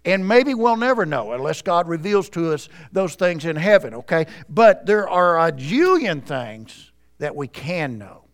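A male pastor delivers a sermon with a fairly high voice for a man. He speaks earnestly and turns to the congregation directly. The talk comes from a church service. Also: big pitch swings, a little slow, few pauses.

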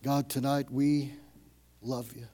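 Pastor with a dark, mellow voice. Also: male voice, mid-range voice, flat delivery, takes it slowly. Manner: swings from loud storytelling to hushed whispers. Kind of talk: sermon. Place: church.

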